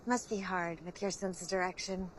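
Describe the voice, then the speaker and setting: A woman's voice: lowish voice, fairly even intonation, moderate pace, slight background noise, natural voice. An actress playing a woman who mocks a man with dry sarcasm in a TV drama clip. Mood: sarcastic.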